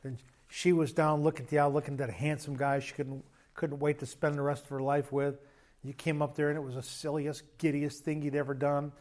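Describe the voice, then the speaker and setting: A man's voice: on the high side, level tone, fairly quick, a little mellow. A man preaching a sermon as pastor in a church, conversational and joking with emphatic bursts.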